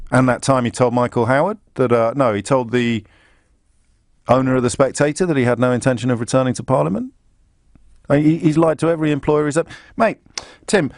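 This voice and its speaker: A man's voice: medium pitch, darkish tone, no room sound. Sarcastic male radio host, dry studio. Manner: sarcastic, mocking asides. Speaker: radio talk show host. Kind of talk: live radio commentary, reading aloud on air. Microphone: studio microphone.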